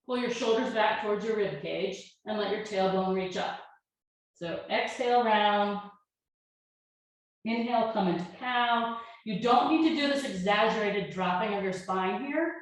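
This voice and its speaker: A woman yoga teacher calmly talking a class through breaths and poses, with gentle step-by-step cues. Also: fairly high pitch. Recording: very echoey room.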